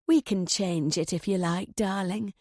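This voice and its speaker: A woman's voice: medium pitch, a little slow, a little mellow, no echo, studio quality, natural voice. A woman voicing an older landlady, speaking in a coaxing, motherly way. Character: older landlady, sweetly smiling, unsettling.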